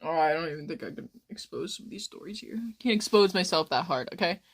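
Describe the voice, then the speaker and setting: Girl in her 20s streaming, kinda low voice, rambles, crude stories. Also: expressive, fast talker. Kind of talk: casual chat.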